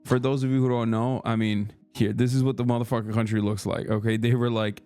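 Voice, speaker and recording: Profane, animated man telling stories. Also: mid-range voice, fairly quick, few pauses, smooth. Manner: profane, animated storytelling with many fillers. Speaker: livestreamer. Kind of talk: casual stream chat.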